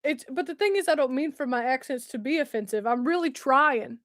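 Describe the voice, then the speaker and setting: Chatty high-voiced woman. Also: animated, fairly quick, no room sound, clean studio sound. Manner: chatty, laughs often, reads viewer comments aloud. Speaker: livestream host. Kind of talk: casual live chat.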